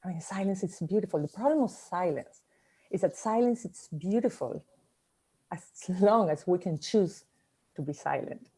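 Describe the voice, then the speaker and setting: A woman who speaks English as a second language, giving a motivational talk in a reflective, storytelling manner with pauses. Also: on the low side, animated, mellow, husky. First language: not English.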